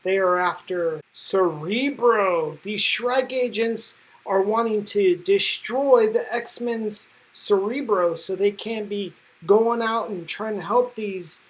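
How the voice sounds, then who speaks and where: A woman's voice: mid-range voice, takes it slowly, few pauses, poor audio. A woman giving casual, enthusiastic commentary as a comic book reviewer, slangy and full of fillers.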